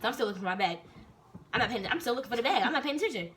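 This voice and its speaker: A young woman telling a personal story in a casual, animated way, full of slang and swearing. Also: fairly high pitch, very fast, slight background noise.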